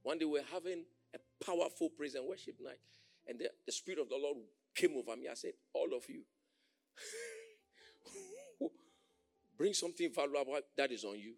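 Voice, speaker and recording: A man preaching a sermon as pastor, animated, often shouting and laughing as he mimics others. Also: fairly high pitch, moderate pace, vocal fry, pauses often, soft background music.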